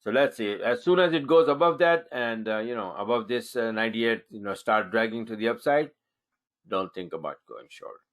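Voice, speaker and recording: Trading coach, male, lowish voice, live webinar, talks through charts as he edits them. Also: moderate pace. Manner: thinks aloud while marking up charts, punchy "boom" emphasis.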